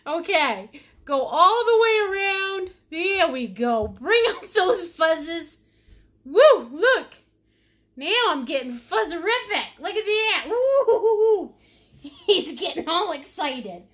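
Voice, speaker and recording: On a live stream, a painting instructor with an extremely high, slightly bright voice teaches slowly and very animatedly. She's silly and giggly, plays with made-up words, and answers viewers' comments while she paints.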